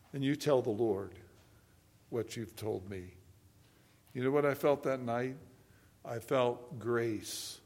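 An older man preaching a sermon, moving between hushed personal stories and loud, emphatic preaching. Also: mid-range voice. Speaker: pastor.

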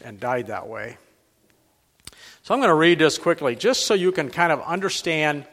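A man giving a church lecture, speaking haltingly and repeating words as he goes. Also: medium pitch, fairly bright tone. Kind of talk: lecture with a read-aloud passage. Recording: long hall reverb.

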